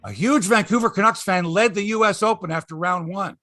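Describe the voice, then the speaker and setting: A man hosting a sports podcast, talking casually and bluntly, swearing freely and breaking into animated rants. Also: high-pitched, fairly quick, dry recording, soft background music.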